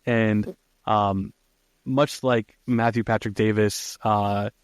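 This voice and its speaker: A man with a fairly low voice hosts a podcast and walks through a film scene by scene in a relaxed, chatty way. His talk is loose and full of ums and uhs. The sound is close and dry, with no room around it. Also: takes it slowly, smooth, no room sound. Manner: laid-back, lots of fillers like um and uh. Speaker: podcast host. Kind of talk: casual film recap chat.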